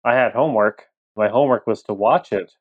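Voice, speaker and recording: A man chatting on a podcast panel, animated, joking and stumbling into restarts. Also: lowish voice, a little fast, dry recording, phone-quality sound. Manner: animated, jokes, stammers into restarts. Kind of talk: casual chat.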